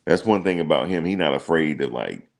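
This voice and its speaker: Very deep gravelly-voiced man chatting. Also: brisk. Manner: relaxed slangy banter, thinks aloud with ums. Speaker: reaction streamer. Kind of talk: casual chat reading viewer comments.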